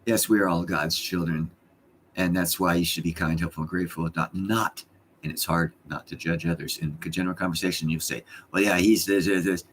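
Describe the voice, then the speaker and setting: Man, deep voice, middle-aged, live stream host, rambling, blunt, swears a lot, faint background noise. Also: level tone, brisk, fairly bright tone. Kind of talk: casual live stream chat.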